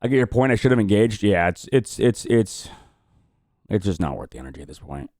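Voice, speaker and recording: Male streamer, low and lively voice, frustrated and muttering, dry headset sound. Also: brisk, no room sound. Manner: swears freely, frustrated, muttering reactions. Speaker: streamer hosting a watch party. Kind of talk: casual live-stream chat.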